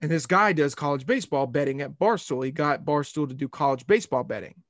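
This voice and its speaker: A man's voice: fairly high pitch, fast talker, no room sound, studio quality. Rambling young man on sports talk. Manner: rambling, animated storytelling. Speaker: sports podcast host.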